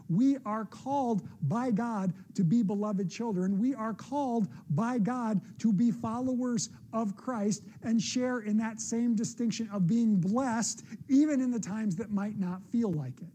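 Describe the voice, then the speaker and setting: A man's voice: high-pitched, warm tone, husky. A middle-aged man, a pastor, preaching a sermon in an earnest, conversational way with personal asides.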